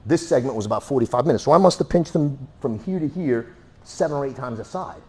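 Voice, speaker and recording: Guy running a self defense class, talks animated, says bang and boom a lot, mic clipped on. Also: fast. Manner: animated storyteller, punchy sound effects. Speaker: martial arts instructor. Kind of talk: teaching a class. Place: training room. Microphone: worn mic.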